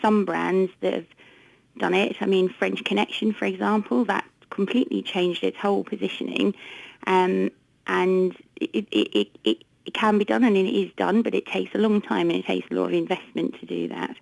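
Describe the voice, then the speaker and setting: A woman's voice: medium pitch, moderate pace, gravelly, a little mellow, dry recording, low-quality recording. A woman being interviewed on the radio as a research director, often repeating words as she thinks aloud. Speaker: guest, market research director.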